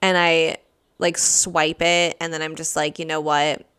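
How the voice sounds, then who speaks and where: A young woman hosting a podcast, telling a story in a rambling, animated way, full of "like" fillers and swearing, acting out what people said. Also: low voice, measured pace, clear, resonant tone. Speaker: podcast host. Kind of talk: casual storytelling monologue.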